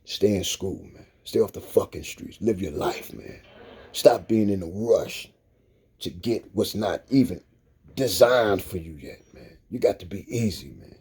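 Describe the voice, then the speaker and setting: In a low, expressive voice that's a little slow and a little mellow, a middle-aged man preaches profanely to his vlog audience. He leans on street slang, tagging his lines with "man" and "you dig."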